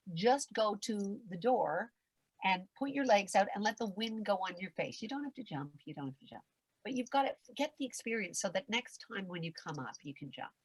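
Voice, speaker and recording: A woman's voice: lowish voice, husky, no room sound. An older woman, a veteran performer, telling a story in a podcast interview, acting out the voices and swearing freely as she goes. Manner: dramatic, acts out voices and shouts in her anecdotes; candid, swears casually.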